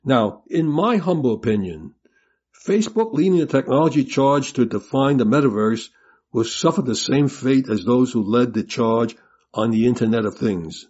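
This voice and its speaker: A man giving an opinionated commentary in a measured way. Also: mid-range voice, expressive, darkish tone, husky. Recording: dull lo-fi sound.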